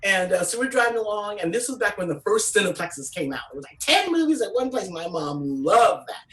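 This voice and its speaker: Animated woman comic, distant mic. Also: brisk. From California. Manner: animated, acts out voices with big pitch jumps. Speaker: comedian. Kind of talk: stand-up storytelling.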